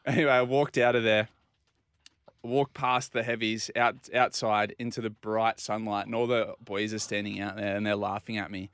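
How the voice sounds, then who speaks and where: A man's voice: lowish voice, level tone, moderate pace, a bit bright, clean tone, no room sound, clean studio sound. An Australian man telling a self-deprecating story on a radio show in a casual, easygoing way. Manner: easygoing, self-deprecating, acts out quoted dialogue.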